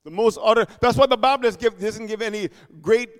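A male preacher giving an emphatic sermon, calling out for amens and swinging between shouting and hushed asides. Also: high voice, fairly quick, clear, resonant tone, big-room sound.

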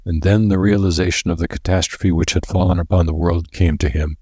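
A man narrating an audiobook with a steady, even reading. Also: low voice, fairly quick, husky, dry recording, clean studio sound.

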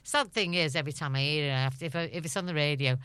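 Low-pitched middle-aged woman with a Scouse accent, lively anecdotal guest with frequent laughs. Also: very fast, clean tone, dry recording. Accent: Liverpool (Scouse). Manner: lively storyteller, laughs often. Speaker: interview guest. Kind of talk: chatty anecdotal radio interview.

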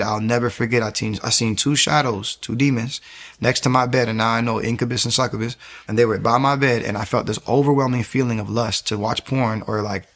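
A young man giving an emotional personal testimony as an interview guest, telling his story in an animated way and repeating phrases for emphasis. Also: mid-range voice.

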